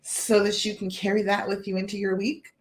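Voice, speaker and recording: A woman's voice: mid-range voice, little pitch movement, a little fast. Reassuring woman coaching live viewers. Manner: warm, reassuring, talks straight to viewers; frequent "all right?" and "okay?" check-ins. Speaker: relationship coach, live show host. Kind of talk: live-streamed coaching talk.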